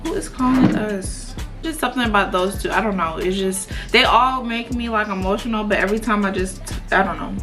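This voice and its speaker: A woman's voice: medium pitch, a little fast, music in the background. A woman, chatting casually and rambling with lots of fillers while she does her makeup. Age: 20s. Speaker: beauty vlogger.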